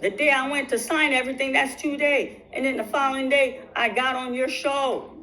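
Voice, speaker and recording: A woman's voice: high-pitched, fairly even intonation, moderate pace, pushed and bright, low-quality recording. A woman vlogger telling her viewers a long personal story in casual talk. She keeps repeating phrases for emphasis and restarts her sentences.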